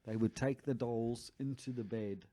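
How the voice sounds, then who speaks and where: A man from Britain co-hosting a comedy podcast, swearing freely and tossing in quick, crude asides. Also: mid-range voice, fairly even intonation, dark tone. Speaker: podcast co-host. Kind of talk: casual comedic chat.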